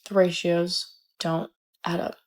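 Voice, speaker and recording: A woman's voice: on the low side, fairly bright tone. A young woman complains wryly and whinily in a casual vlog to camera. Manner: whiny, wry complaining.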